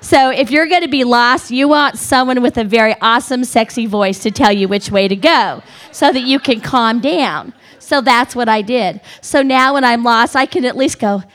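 A middle-aged woman telling a funny personal story to a live audience, animated and dramatic, building tension with repeated phrases. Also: normal speed, few pauses. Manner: animated, dramatic, repetitive build-up with wailing high quotes. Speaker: speaker at a women's gathering.

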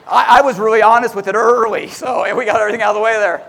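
A man speaking as a motivational speaker at a sales meeting, talking loudly and excitably to a live audience and acting out what people say. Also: sits high, racing, creaky, hardly any pauses, some chatter behind. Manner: loud, excitable, acts out quotes. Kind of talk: energetic live stage talk. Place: large hall before an audience. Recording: long hall reverb.

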